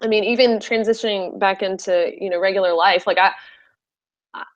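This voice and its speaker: A woman's voice: mid-range voice, steady tone, fairly quick. A woman hosting a casual interview, chatty, with many fillers and frequent laughter. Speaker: podcast host. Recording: slightly muffled recording.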